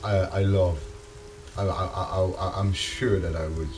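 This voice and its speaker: Slow, deep-voiced European man chatting. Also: steady tone, noisy background. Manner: halting, repeats words, non-native phrasing. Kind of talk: casual one-sided chat.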